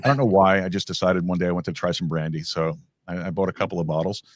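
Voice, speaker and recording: Low-voiced, rambling male podcast host. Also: fairly even intonation, fast talker, no echo. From New York. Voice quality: rambling, many restarts and fillers. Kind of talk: casual conversation.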